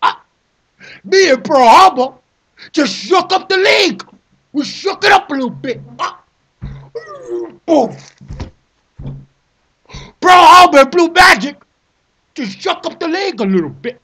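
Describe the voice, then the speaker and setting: A man delivering an animated comic rant, theatrical and repetitive, breaking into shouts. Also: extremely high pitch, unhurried, pauses often. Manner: theatrical, repeats phrases, shouts in bursts. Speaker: vlogger ranting about a fantasy football trade.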